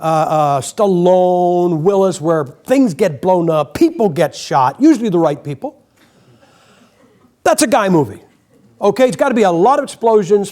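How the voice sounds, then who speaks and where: A man's voice: high-pitched, darkish tone. An older man preaching a folksy, joking sermon in a church, acting out quotes as he goes. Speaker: guest preacher. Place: church sanctuary.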